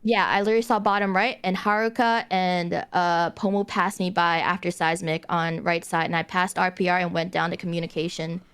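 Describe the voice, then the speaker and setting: A woman streamer talking quickly and casually during a game, swearing now and then. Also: fairly low pitch, little pitch movement, a bit bright, smooth. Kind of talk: gaming chat.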